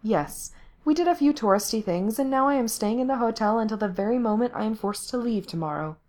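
A woman's voice: on the high side, expressive, fairly quick, darkish tone, voice pushed up, close to an everyday voice. A woman doing a laid-back, teasing young woman.

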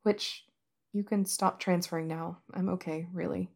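Audiobook role: shaken young man, wry even when rattled, broken-off phrases, read by a woman. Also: mid-range voice, close to an everyday voice. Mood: urgent. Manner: shaky, halting, broken-off phrases. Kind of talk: audiobook reading.

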